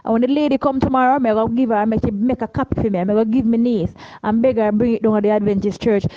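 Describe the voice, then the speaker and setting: A woman's voice: on the high side, fast, dry recording, muffled recording. Jamaican woman telling a testimony. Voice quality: animated, voices the people in her story. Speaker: travelling preacher. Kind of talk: testimony storytelling.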